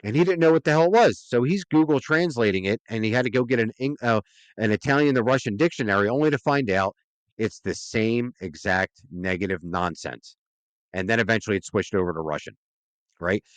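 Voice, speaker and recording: A man's voice: fairly low pitch, a little fast, no room sound. A man, a podcast guest, talking earnestly and at length in a casual interview, often checking in with "right?".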